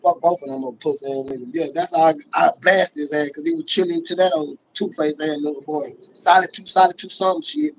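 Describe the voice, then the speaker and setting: Man, high pitch, profane mocking livestream rant, bursts of shouting. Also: fast, hardly any pauses, a little hiss or hum, low-quality recording. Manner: profane, mocking, animated, with sudden shouts and laughs. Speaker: livestream host. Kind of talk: ranting livestream commentary.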